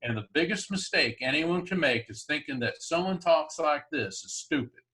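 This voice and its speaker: A man, a psychic medium, chatting in an interview and telling lively stories with frequent laughs. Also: a little high, moderate pace. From Florida, US. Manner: chatty, laughs often, animated storyteller. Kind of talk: storytelling in an interview.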